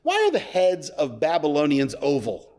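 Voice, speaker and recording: An obnoxious man from ancient times needles a sage in a demeaning, mocking tone, as a preacher acts him out. His voice sits a bit high for a man and has a jeering edge. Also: big pitch swings, normal speed, a little mellow.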